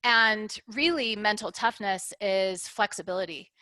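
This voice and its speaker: A woman's voice: mid-range voice, measured pace, bright, forceful tone, no echo. A middle-aged woman business owner, talking candidly in an interview and working through her points with analogies, often ending them with "right?". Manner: reflective, uses analogies, ends points with "right?".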